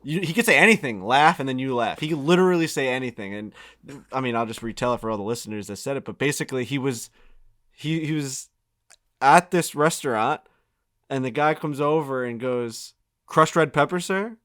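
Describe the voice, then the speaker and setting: A man's voice: medium pitch, a little fast, fairly bright tone. A man co-hosting a podcast, rambling between fillers, laughing and swearing. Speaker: podcast co-host. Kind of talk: casual podcast banter.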